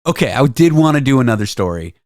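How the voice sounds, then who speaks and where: A man hosting a podcast, telling stories in an animated, self-deprecating way. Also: mid-range voice, fast, dry recording, studio quality. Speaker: podcast host. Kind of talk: casual chat.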